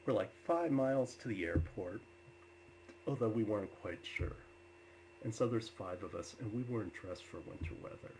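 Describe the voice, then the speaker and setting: A man telling personal stories to an audience with many filler uhs, turning loud and animated when he quotes himself. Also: on the low side, normal speed, slight background noise, rough recording. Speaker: storyteller. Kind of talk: personal storytelling talk.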